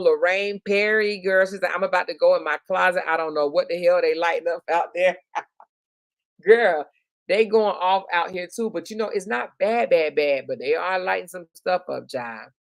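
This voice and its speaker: A woman hosting a live stream with a gravelly edge to her voice, reading out viewers' comments. She talks in a chatty, affectionate way, calling people honey and girl. The recording is dry and close, with no room sound. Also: medium pitch, no room sound. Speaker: YouTube live stream host.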